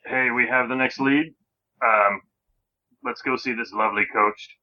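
A man's voice: medium pitch, fairly even intonation, unhurried, dull audio. A man playing a tabletop game in an easygoing way. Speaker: player. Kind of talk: tabletop role-play.

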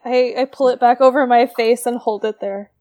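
A woman's voice: on the high side, fairly even intonation, normal speed, warm tone. A woman playing a tabletop role-playing game, giggly and playful as she describes her character's actions. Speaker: player.

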